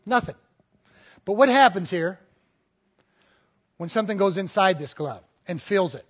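High-voiced man preaching a sermon. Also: lively intonation, moderate pace, pauses often. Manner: conversational preaching, frequent "okay?" check-ins with the congregation; tells stories and acts out voices within them. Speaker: pastor.

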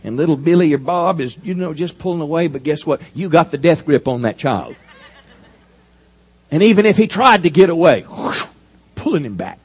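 A man preaching a sermon in an animated, folksy storytelling manner. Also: on the high side, normal speed, husky. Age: 50s. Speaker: pastor.

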